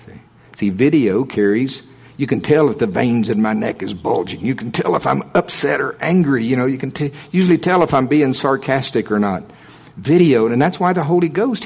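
This male preacher keeps his sermon relaxed and homespun, conversing with the flock rather than declaiming. Important points get heavy stress and repetition, with wry humor slipped in along the way. His pitch is middling and his tone a little rough.

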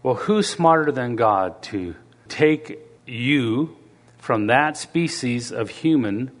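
A man's voice: mid-range voice, animated, takes it slowly, long reverb tail. A middle-aged man preaching a sermon in a church, talking in a conversational way and asking the congregation questions.

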